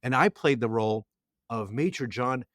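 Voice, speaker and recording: A man's voice: mid-range voice, normal speed, fairly bright tone. A middle-aged man co-hosting a podcast, his voice sitting in a mid range. He tells a long story and keeps restarting and repeating words. The sound is dry and close, with no room echo. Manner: rambling storyteller with frequent restarts. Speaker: podcast co-host. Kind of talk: casual podcast chat.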